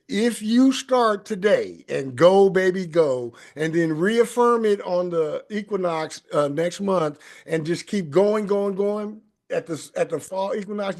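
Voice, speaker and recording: A man's voice: sits high, gravelly, darkish tone. A man hosting a spiritual talk show, speaking emphatically and repeating phrases like affirmations. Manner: repetitive, emphatic, sing-song affirmations. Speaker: host. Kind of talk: spiritual talk show, casual group chat.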